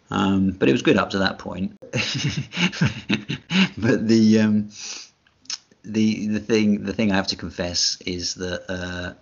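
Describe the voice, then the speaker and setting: A man's voice: deep voice, gravelly. A man co-hosting a casual podcast chat, hesitant and full of fillers, with a dry, self-mocking humor. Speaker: podcast co-host. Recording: dull lo-fi sound.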